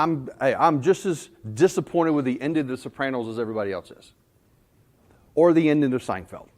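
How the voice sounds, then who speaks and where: A man's voice: medium pitch, darkish tone. Folksy male sales trainer from North Carolina. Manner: folksy storytelling with anecdotes. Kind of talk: conference presentation.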